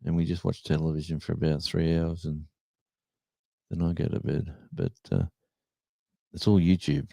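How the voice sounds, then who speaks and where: A rambling, chatty man, speaking in a very low and mellow voice. He hosts a casual live stream and is recorded close to the mic with no room sound. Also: normal speed, gravelly, pauses often, no room sound. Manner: rambling storyteller, chatty and animated. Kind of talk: casual chat.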